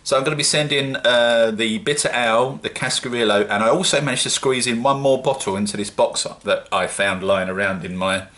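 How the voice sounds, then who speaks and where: A man's voice: medium pitch, a little fast, hardly any pauses, fairly bright tone. A man with a British accent, chatting casually and rambling a little in a self-mocking home-brewing vlog. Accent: British English.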